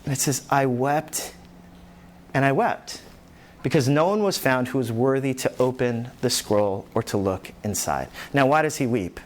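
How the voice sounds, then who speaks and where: A man preaching a sermon as pastor, animated, acting out the voices in the scripture he tells. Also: mid-range voice, moderate pace, a little hiss or hum. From New York.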